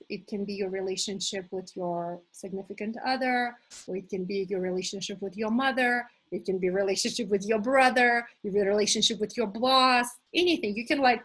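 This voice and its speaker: A middle-aged woman leading a live motivational workshop as a coach, enthusiastic and animated, talking to her listeners as "you guys". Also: a little high, husky, low-quality recording. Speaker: manifestation coach hosting an online challenge.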